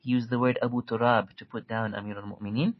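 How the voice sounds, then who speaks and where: A man giving a storytelling religious lecture, earnest, quickly reciting Arabic quotations between his explanations. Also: mid-range voice, flat delivery, muffled recording. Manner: earnest, tells stories, quotes Arabic quickly.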